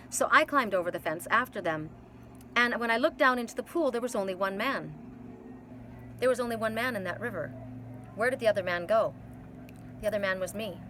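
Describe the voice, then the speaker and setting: A woman's voice: medium pitch, a bit bright, a little hiss or hum, low-quality recording. A woman giving a spiritual oracle card reading, telling a dream in an earnest, storytelling way, repeating and restarting words often.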